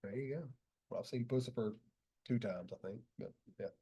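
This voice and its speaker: A man's voice: mid-range voice, brisk, warm tone, slightly rough. A man hosting a casual porch chat, telling concert stories in a laid-back way and laughing often. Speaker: podcast host.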